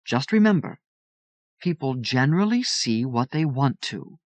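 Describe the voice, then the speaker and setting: A man voicing a calm, crisp aunt. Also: mid-range voice, measured pace, no echo. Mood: calm, reassuring.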